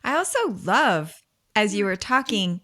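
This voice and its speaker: A woman's voice: mid-range voice, expressive, unhurried, pushed and bright. A woman co-hosting a podcast, reflecting thoughtfully aloud and offering encouraging affirmations. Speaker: podcast co-host. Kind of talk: conversational interview.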